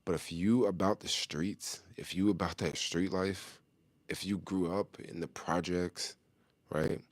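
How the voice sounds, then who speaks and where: Middle-aged man, deep voice, casual slangy vlog talk, chuckles a lot, dry close sound. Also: steady tone, unhurried, dry recording. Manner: loose, slangy street talk with frequent chuckles. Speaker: vlogger answering a viewer question.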